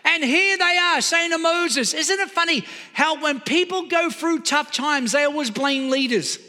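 A man's voice: very high-pitched, unhurried, sharp tone, in a large hall. A male preacher giving an emphatic sermon, often asking his listeners rhetorical questions.

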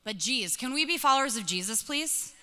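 A woman in her thirties delivers a sermon with a high, piercingly bright voice. She tells stories in an animated way and acts out every bit of dialogue. Her words ring out with the long reverb of a big hall. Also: fairly quick. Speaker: pastor. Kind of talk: sermon with personal story.

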